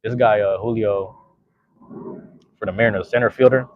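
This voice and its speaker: A man's voice: mid-range voice, flat delivery, brisk, pauses often, no echo, lo-fi sound. A man hosting a podcast in a casual, rambling way, full of slang. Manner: slangy, rambling, laid-back. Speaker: podcast host.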